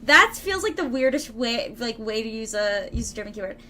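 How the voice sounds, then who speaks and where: A young woman chats on a live stream in a high, bright voice, rambling through her thoughts with plenty of "like" and "um." Faint noise sits in the background. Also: sing-song, brisk. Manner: rambling, filler-heavy, chatty with viewers. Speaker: streamer doing tarot readings. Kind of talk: casual live-stream chat. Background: lawn mower noise outside.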